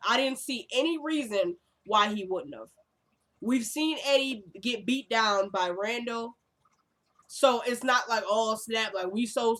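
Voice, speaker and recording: Woman, TV recap vlogger, mid-pitched, chatty and sassy, rambling delivery. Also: fairly bright tone. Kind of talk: casual episode recap.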